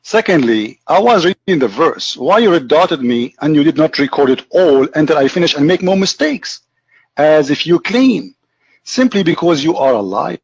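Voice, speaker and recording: A man's voice: fairly high pitch, sing-song, moderate pace, husky. A man with an English, mocking and argumentative, commenting over a replayed debate video and repeating his points. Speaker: online debate host.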